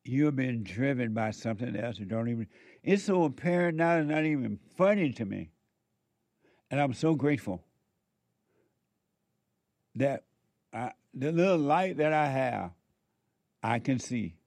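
A man's voice: medium pitch, animated, a little slow, long pauses, darkish tone, no echo. A man preaching a sermon, exhorting and repeating his points while speaking straight to the listeners. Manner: repetitive, exhorting, addresses listeners directly.

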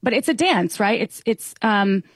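A woman's voice: mid-range voice, lively intonation, unhurried, dry recording. Earnest woman guest, dry close sound. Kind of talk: casual talk show conversation.

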